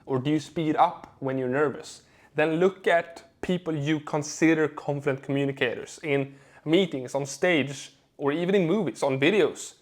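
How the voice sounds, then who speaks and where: A young adult man, a communication coach, giving a measured lesson to camera, stressing key words and pausing for effect. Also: on the high side. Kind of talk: instructional video talk to camera.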